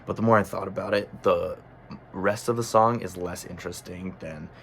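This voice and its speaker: A low-voiced man with a gravelly, creaky edge gives a relaxed music review. He thinks aloud as he goes, often pausing on ums and correcting himself mid-sentence. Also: slight background noise. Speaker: music critic. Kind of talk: casual album review monologue.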